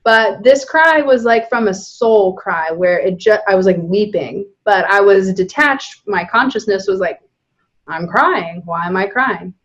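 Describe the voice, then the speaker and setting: A woman's voice: medium pitch, animated, a little slow, few pauses, muffled recording. A woman guest on a podcast, talking candidly and animatedly, often breaking into laughter. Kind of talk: casual spiritual conversation.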